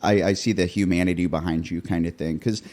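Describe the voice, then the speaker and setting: A man hosting a podcast, asking questions in a relaxed, casual way and cursing now and then. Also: sits low, brisk. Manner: relaxed, curses casually, frequent affirmations. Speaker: podcast host. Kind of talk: casual interview.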